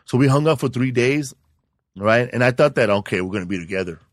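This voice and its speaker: A man co-hosting a podcast, telling a rowdy story in loose, profane casual chat that breaks into loud excited bursts. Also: mid-range voice, fast talker, no echo, studio quality. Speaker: podcast co-host.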